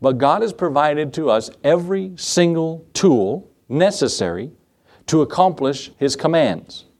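A man's voice: on the high side, animated, unhurried, darkish tone. Man preaching a sermon with joking asides. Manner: conversational, quizzes the congregation, joking asides. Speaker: pastor. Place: church.

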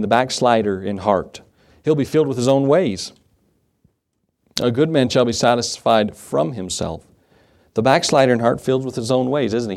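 A man with a slightly mellow mid-range voice preaches an evening sermon to a small congregation in a small church. He reads the verses aloud in a plain teaching tone, but his voice rises and presses ahead with passion each time he acts out a pleading prayer.

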